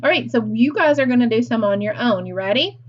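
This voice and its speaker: A woman teaching a phonics lesson to young children, deliberate and encouraging, with frequent praise. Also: on the high side, lively intonation, husky, lo-fi sound.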